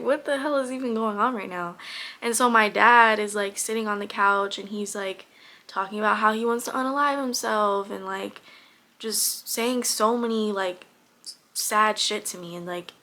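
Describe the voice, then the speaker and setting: A woman's voice: medium pitch, pushed and bright. A young woman casually telling a personal story straight to camera, candid, with lots of fillers and some swearing. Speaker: vlogger.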